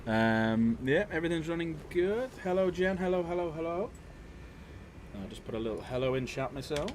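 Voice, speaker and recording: A man hosting a casual livestream, jokey and laughing often, with loud cheerful greetings. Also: a little high, lively intonation, normal speed, slight background noise. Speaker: livestream host.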